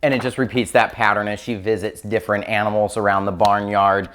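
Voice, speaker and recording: A man's voice: on the low side, little pitch movement, brisk, a bit bright, slight background noise. Chatty man reviewing picture books. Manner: chatty, filler-heavy, enthusiastic. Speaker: children's book reviewer. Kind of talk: casual book review chat.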